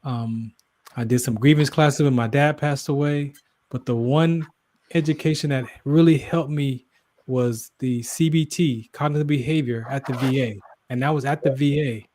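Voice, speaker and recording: A man's voice: medium pitch, fairly even intonation, moderate pace, darkish tone. A man hosting a casual interview, talking earnestly and encouragingly, often in a preacher-like way. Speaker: host.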